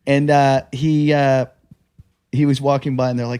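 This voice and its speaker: A man's voice: mid-range voice, flat delivery, warm tone, clear, resonant tone. A man hosting a comedy podcast in casual banter who teases his guests and laughs often. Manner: teasing, quick to mock, laughs often. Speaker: podcast host and stand-up comic.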